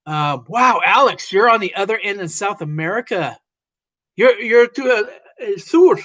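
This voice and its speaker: Slow, rambling woman livestream host. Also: medium pitch, fairly bright tone. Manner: slow, rambling, many fillers, greets viewers by name. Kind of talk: casual livestream chat.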